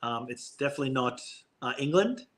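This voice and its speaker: A man's voice: mid-range voice, lively intonation, a bit bright. A man from Australia with an Australian accent, joking around as guest co-host on a live stream chat. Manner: joking, fast, dad jokes.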